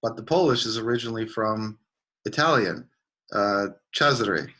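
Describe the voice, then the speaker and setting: Relaxed man with a bright voice. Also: on the low side, normal speed. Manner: relaxed, explanatory with uhs. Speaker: participant in an online gathering. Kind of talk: casual explanation.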